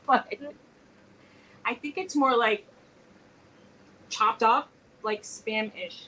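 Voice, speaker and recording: A woman co-hosting a casual live-stream chat, telling stories with lively quoted dialogue. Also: on the high side, extremely slow, slight background noise, rough recording. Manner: chatty, animated storytelling with quoted dialogue. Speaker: co-host. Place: home.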